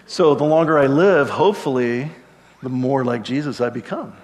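Chatty middle-aged pastor in a reverberant hall. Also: male voice, mid-range voice, normal speed. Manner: conversational, joking asides to the congregation. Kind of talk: sermon.

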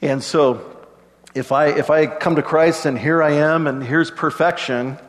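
A middle-aged man preaching a sermon in a relaxed, conversational way, dropping joking asides to the congregation. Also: on the high side, measured pace, long reverb tail. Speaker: pastor.

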